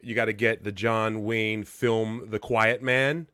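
A man's voice: fairly low pitch, little pitch movement, slow, bright, forceful tone, smooth, no echo, studio quality. A man co-hosting a podcast in casual, rambling banter, swearing freely and laughing often. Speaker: podcast co-host.

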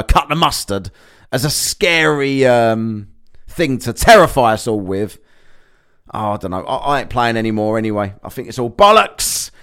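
A man's voice: mid-range voice, a bit bright. A man delivering a sarcastic, sweary ranting monologue as a vlogger.

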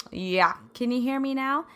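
A woman from the Midwest hosting a casual solo podcast, bubbly and effusive, laughing often, her throat a little scratchy and raspy today. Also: fairly high pitch, pushed and bright. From American Midwest. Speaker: podcast host.

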